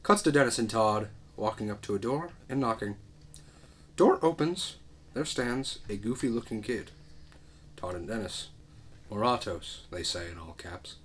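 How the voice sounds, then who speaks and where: A man's voice: on the low side, animated, normal speed, a bit bright, a little hiss or hum. A man reading a comedy script aloud, narrating the action and adding dry, wry asides. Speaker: script reader.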